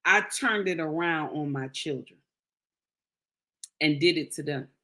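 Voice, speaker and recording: Low-voiced and sharp, this woman talks at a measured pace as a social commentator. Her tone is casual yet preachy; she addresses her audience as sisters and hammers home important lines by saying them again.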